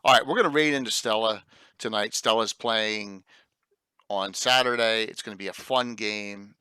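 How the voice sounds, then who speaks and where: A man's voice: on the low side, normal speed, bright, forceful tone, clear, resonant tone, no room sound. Chatty man hosting a livestream. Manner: chatty, rambling, repeats words. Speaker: stream host. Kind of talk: casual livestream sign-off.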